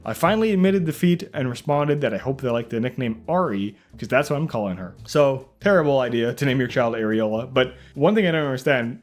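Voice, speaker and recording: Sarcastic young man reacting with disbelief. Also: medium pitch. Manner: sarcastic, incredulous, laughs often, voices mock dialogue. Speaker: YouTube reaction host. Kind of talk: comedic reaction commentary.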